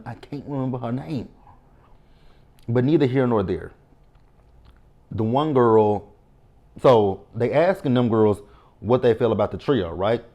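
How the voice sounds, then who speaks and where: A man's voice: medium pitch, a little mellow. A man hosting a casual reality show recap, sassy and blunt, talking back to the cast and swearing freely. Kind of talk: casual commentary vlog.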